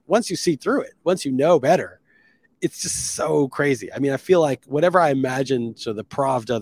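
A man's voice: medium pitch, dry recording. A man hosting a solo podcast, talking in an opinionated, sarcastic, rambling way with many restarts. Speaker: podcast host.

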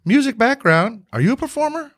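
A man's voice: extremely high pitch, very animated, brisk, noisy background. A man with a faint Southern accent hosting a casual interview, joking, teasing and heaping praise on his guest. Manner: jokey, teasing, effusive with praise. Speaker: podcast host.

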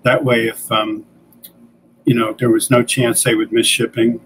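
A man's voice: medium pitch, unhurried, low-quality recording. Older male interview guest, easygoing storyteller, mid-range voice, faint hiss behind. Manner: relaxed anecdotal, acts out quoted dialogue. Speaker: guest, comics creator and editor.

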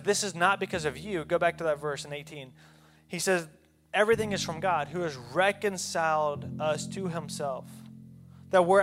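Earnest male preacher over guitar. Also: a little high. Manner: earnest, pleading exhortation. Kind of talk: sermon. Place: church service with a worship band. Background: guitar music.

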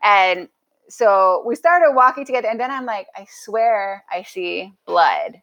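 Animated woman telling a story. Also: mid-range voice, a little slow, lo-fi sound. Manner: animated, lots of restarts and acted-out quotes. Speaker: podcast guest. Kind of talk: casual storytelling.

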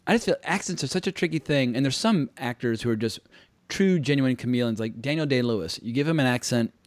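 An American man hosting a casual podcast talk about films, animated and quick to laugh. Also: mid-range voice, no echo. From United States. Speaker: podcast host. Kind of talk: casual film discussion.

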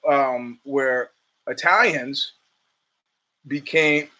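A man hosting a podcast, talking in a rambling, animated monologue with many restarts and stammers. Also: fairly high pitch. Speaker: podcast host. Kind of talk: casual monologue.

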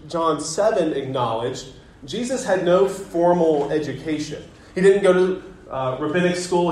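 A man in his thirties preaching a sermon as pastor, telling a family story in a relaxed, conversational way with gentle self-deprecating humor. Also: on the high side. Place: church sanctuary. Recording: echoey church sanctuary.

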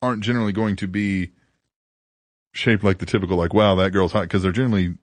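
A man's voice: deep voice, steady tone, quick pace, no room sound. A man co-hosting a casual podcast, crude and laughing as he tells stories and reads listener tweets aloud. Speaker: podcast co-host.

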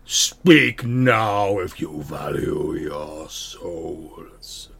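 A man voicing a menacing male demonic face in a column of fire, booming slowly and theatrically. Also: expressive, vocal fry, fairly bright tone, a little hiss or hum, exaggerated voice.

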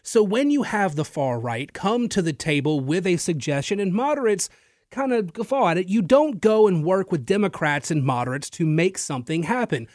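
A man's voice: sits high, expressive, normal speed, a little mellow, dry recording, clean studio sound. A male radio talk show host giving an emphatic, opinionated political monologue straight to his listeners, with the odd filler and repeated word. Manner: occasional filler and repeated words. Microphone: studio microphone.

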